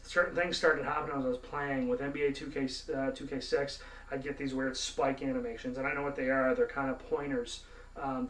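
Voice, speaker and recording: A man from Canada giving a profane, indignant rant to camera as a gaming vlogger. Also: mid-range voice. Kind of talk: ranting monologue to camera. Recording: roomy, mic at a distance.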